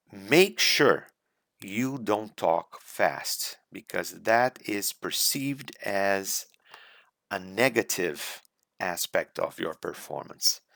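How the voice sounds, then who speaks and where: A man teaching an English speaking exam in a recorded slideshow lecture, deliberate and coaching, repeating key points. English is not his first language. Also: sits low, vocal fry, fairly bright tone, dry recording, clean studio sound.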